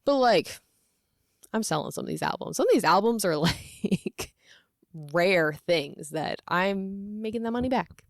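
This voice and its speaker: Woman, thirties, rambling casual vlog talk, giggly, middle pitch, dry close mic. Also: sing-song, unhurried, no room sound. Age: 30s. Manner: rambling, laughing often, with many fillers. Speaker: YouTuber.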